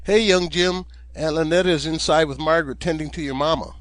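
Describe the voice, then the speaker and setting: A man's voice: fairly high pitch, fairly quick, fairly bright tone, no room sound, close to an everyday voice. A man doing a cheerful teenage farm boy. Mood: friendly. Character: friendly fourteen-year-old farm boy.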